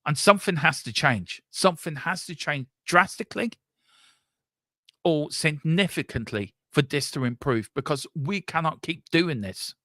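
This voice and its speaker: A man's voice: on the high side, expressive, normal speed, pushed and bright, no echo, clean studio sound. A man, hosting a live fan stream and ranting angrily, swearing and repeating himself. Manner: angry, sweary, repetitive ranting. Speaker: fan channel host.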